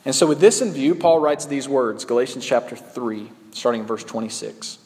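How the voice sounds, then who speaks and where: A man's voice: medium pitch, steady tone, normal speed, a little mellow, long reverb tail. A man preaching a sermon in a conversational way, with frequent ums and uhs. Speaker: pastor.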